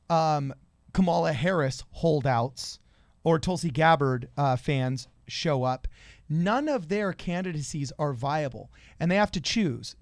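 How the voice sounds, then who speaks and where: A man's voice: a little high, a little mellow, dry recording, studio quality. A man co-hosting a political talk show, explaining things casually and acting out quoted voices. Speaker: podcast co-host.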